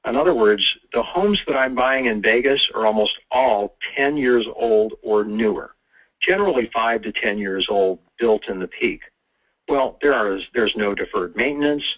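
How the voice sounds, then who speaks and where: Husky man presenting over a phone line. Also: mid-range voice. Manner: upbeat, salesy, quick delivery with asides. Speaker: real estate investor and webinar host. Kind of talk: presenting a webinar. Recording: tinny phone-line audio.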